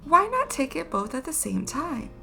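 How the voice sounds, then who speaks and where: A woman's voice: high voice, wildly swooping pitch, normal speed, vocal fry, faint music behind, voice pushed up, full character voice. A woman voicing an eager, helpful young girl in a storybook reading. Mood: puzzled. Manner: bright and eager.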